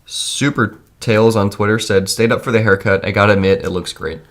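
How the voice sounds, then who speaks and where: A man's voice: on the low side, fairly even intonation, brisk, vocal fry. A man co-hosting a podcast in easygoing chat, reading out listener messages. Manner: easygoing, laughs often. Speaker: podcast co-host.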